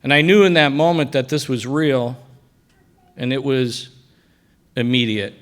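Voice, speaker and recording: A middle-aged man giving a personal faith testimony at a breakfast event, telling his story and dropping quiet for quoted lines. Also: medium pitch, a little slow, clean tone. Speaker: guest speaker sharing testimony. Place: banquet hall at a breakfast event.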